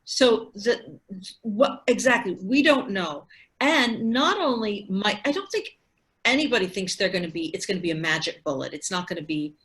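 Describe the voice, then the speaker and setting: A woman's voice: mid-range voice, expressive, normal speed, a bit bright. A woman in her sixties, a physician, explaining things step by step in conversation with frequent restarts over a video call. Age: 60s. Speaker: physician and researcher.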